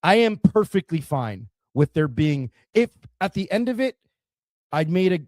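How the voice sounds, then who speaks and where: A male podcast host speaks in a fairly high voice in casual conversation. He is reflective and often restarts mid-sentence as he searches for words. The sound is dry and close. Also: sing-song, measured pace, darkish tone, no echo.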